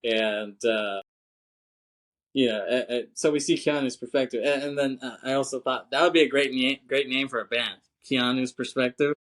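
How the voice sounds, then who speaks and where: A man's voice: mid-range voice, fairly even intonation, normal speed, a bit bright. A man co-hosting a podcast, chatting casually about a film in a laid-back, slangy way, swearing and laughing often. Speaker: podcast co-host.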